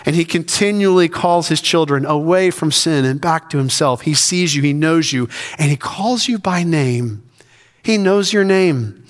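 A man delivers a sermon from the pulpit, his voice sitting a little high for a man. He presses his points through repeated, building phrases. The sound carries the long reverb of a church sanctuary. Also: measured pace. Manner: preaching with rising emphasis and repetition. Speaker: senior pastor.

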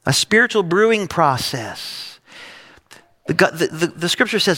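Middle-aged male pastor, sermon delivery, slightly high and bright, long hall reverb. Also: lively intonation, a little slow. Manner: storytelling with acted quotes and laughs. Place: church stage.

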